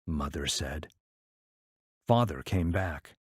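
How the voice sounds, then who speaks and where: A man reading a short story aloud in measured, even storytelling. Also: a bass voice, slightly rough, dry recording, clean studio sound. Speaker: story reader.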